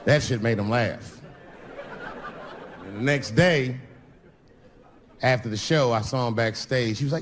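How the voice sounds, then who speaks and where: A man performing a stand-up comedy set, telling a story with lively shifts of voice as he acts out both sides of his phone calls. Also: mid-range voice, normal speed, long pauses, slight background noise. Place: comedy venue with laughing audience.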